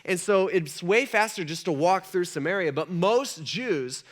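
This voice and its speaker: A man pastor giving a casual, conversational sermon in a church, telling the story with animated energy. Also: sits high, a little slow. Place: church sanctuary.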